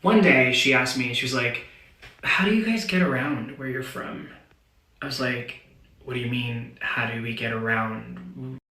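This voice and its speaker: A man from India, telling a story to camera in a wry, deadpan way. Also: mid-range voice, measured pace, reverberant, rough recording.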